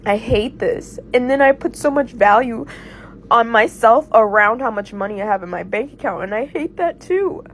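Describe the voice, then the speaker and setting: A woman's voice: a little high, lively intonation, normal speed, a little hiss or hum. A woman in her thirties, crying and panicked as she vents about being broke. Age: 30s. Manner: panicked, distraught. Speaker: TikTok poster. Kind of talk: tearful venting to camera.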